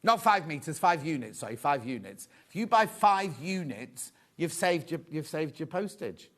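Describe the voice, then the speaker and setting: Chatty man, higher-pitched voice. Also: sing-song, moderate pace, a bit bright. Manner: chatty, cheerful, chats with crew off camera. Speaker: shopping channel presenter. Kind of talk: live on-air sales patter. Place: TV studio.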